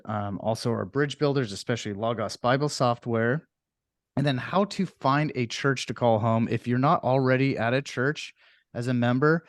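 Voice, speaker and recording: A man's voice: mid-range voice, no echo, clean studio sound. A man opening a podcast episode, reading announcements in a loose way with many fillers. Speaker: podcast host. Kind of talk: casual podcast intro.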